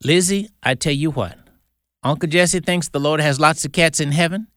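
A man's voice: a little high, normal speed, a bit bright, no room sound, studio quality, close to an everyday voice. A man voicing a firm, no-nonsense mother in a told story. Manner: firm and matter-of-fact.

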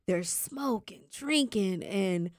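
A woman hosting a faith talk show, telling a personal story in an animated way. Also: mid-range voice, slow, dry recording, studio quality. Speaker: host.

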